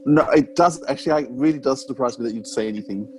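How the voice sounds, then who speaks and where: A man's voice: medium pitch, fast talker, a little mellow, slight background noise, poor audio. An Australian man with an Australian accent, hosting a podcast and asking hesitant, stumbling questions. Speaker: podcast host. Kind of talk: casual interview questions.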